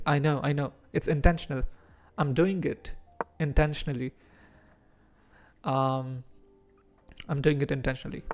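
Speaking in a fairly high voice, this man from India talks casually as he streams a chess game and responds to each move. His accent is Indian English blended with American and British influences.

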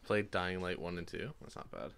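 Young man co-host, very deep and wry, noisy mic. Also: animated, moderate pace, creaky, fairly bright tone. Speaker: gaming co-host. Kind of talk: casual gameplay commentary.

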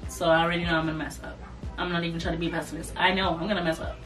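A young woman casually telling a storytime vlog, animated and loose, slipping into mocking voices. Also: fairly low pitch, racing. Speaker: vlogger. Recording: voice a bit far from the mic, soft music behind.

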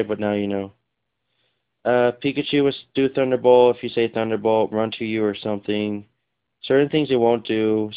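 Man, casual game-collection vlog, rambling, apologetic, smooth voice, muffled lo-fi audio. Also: mid-range voice. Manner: rambling, apologetic, many fillers and self-corrections.

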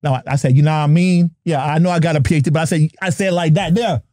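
A middle-aged man from New Jersey hosts a podcast with playful banter and plenty of hype. His voice sits a little high for a man, with a mellow, darker tone. The sound is dry and close, with no room around it. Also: racing, no echo. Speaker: podcast host. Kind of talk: lively podcast chat.

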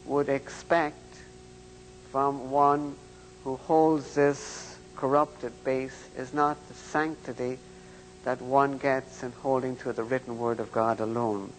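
An older male preacher gives a deliberate, emphatic sermon, leaning hard on key words. His voice sits a touch high for a man, and he speaks very slowly. The sound carries a long hall reverb over a faint hum. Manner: slow, emphatic, deliberate delivery. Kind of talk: sermon-style lecture.

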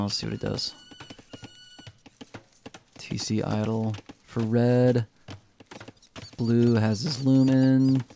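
A man's voice: mid-range voice, gravelly, warm tone, a little hiss or hum. A young man giving casual, chatty commentary on a strategy game, poking fun at himself. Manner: chatty, self-mocking, laughs at own jokes. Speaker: game caster.

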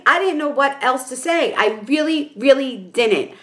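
A woman with a New York accent, a makeup vlogger talking casually to her viewers in an excitable, rambling way full of fillers. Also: high voice, unhurried. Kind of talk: casual chat to camera.

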